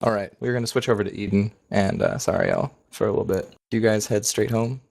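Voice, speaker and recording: Game master, man, very low voice, dry close sound, casual narration. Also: wildly swooping pitch, quick pace, vocal fry, a little mellow, dry recording. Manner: casual, self-correcting.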